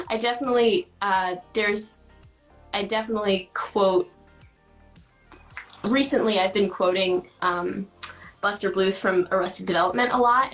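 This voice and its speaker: Teen actress girl, chatty and giggly, lots of ums, soft music under her. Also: medium pitch, rough recording. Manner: giggly, chatty with many fillers. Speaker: guest actress. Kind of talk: casual interview answers.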